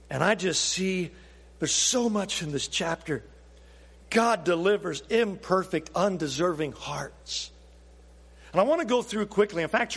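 A man preaching a sermon as pastor, animated and asking his listeners questions. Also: on the high side, husky, big-room sound. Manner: animated, questioning the audience, acts out quotes.

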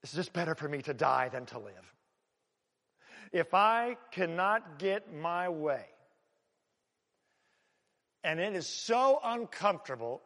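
A man voicing Jonah as an angry, defiant man, shouting indignantly at God. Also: high voice, in a large hall, exaggerated voice. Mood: despairing.

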